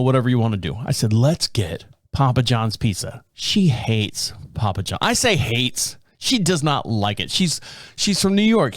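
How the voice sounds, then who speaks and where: Middle-aged guy rambling and cussing on his podcast, no room sound, mid pitch. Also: no room sound, clean studio sound. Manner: rambling, self-deprecating, swears freely. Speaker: podcast host. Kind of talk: casual chat.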